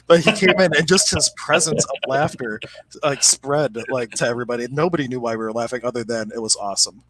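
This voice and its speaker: A man's voice: mid-range voice, brisk, fairly bright tone. A middle-aged man co-hosting a casual chat, telling stories and laughing often as he acts out what people said. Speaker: podcast co-host.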